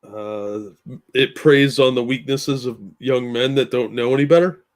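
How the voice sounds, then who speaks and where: A man's voice: mid-range voice, measured pace. A man co-hosting a casual livestream, giving blunt, profane commentary. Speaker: stream co-host.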